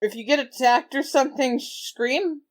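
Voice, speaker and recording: A woman's voice: high-pitched, normal speed. A woman playing a character in a tabletop game, laid-back and dry, with a wry sense of humor. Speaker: player.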